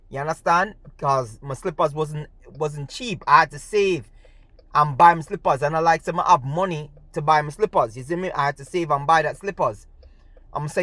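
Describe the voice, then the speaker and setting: His voice is a little high and a bit bright, moving at a moderate pace in a dry recording. He's a Jamaican-accented gymnastics coach and storyteller recounting something personal in a chatty manner, sprinkling in patois and repeatedly asking "you see me?"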